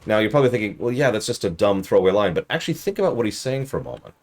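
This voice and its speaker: A man's voice: lowish voice, very animated, rapid-fire, a little mellow. A man streaming a game review in casual commentary, easily exasperated and ranting at the game while chatting with viewers.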